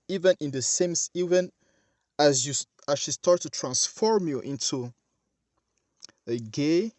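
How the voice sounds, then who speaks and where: Man preaching, kinda high voice, keeps repeating himself and talking straight to the crowd, dry sound. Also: darkish tone, no echo. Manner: emphatic and repetitive, addressing listeners directly. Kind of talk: sermon.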